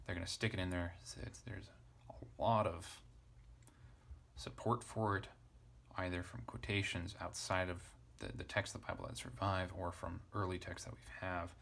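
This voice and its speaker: A man's voice: deep voice, little pitch movement, normal speed, vocal fry, a bit bright. A man teaching a casual lesson, thinking aloud as he spells out letters and parses a text. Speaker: Greek teacher.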